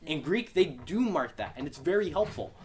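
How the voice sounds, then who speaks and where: A man's voice: fairly high pitch, expressive, normal speed, slight background noise. A young man teaching a casual beginner Greek class, explaining patiently and asking his students for questions. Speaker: Bible study Greek teacher.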